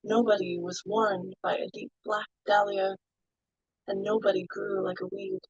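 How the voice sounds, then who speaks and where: A woman reading her poetry at an online open mic, slow and soft, out of breath, then chatting with fillers. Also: medium pitch, steady tone, gravelly, husky, no room sound, dull audio. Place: home, online video call.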